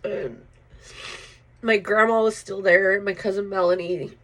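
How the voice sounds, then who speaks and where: A woman's voice: medium pitch, fairly even intonation, a little slow, fairly bright tone, low-quality recording. Rambling woman telling a personal story. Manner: rambling, full of "like" and "um" fillers; blunt, swears freely.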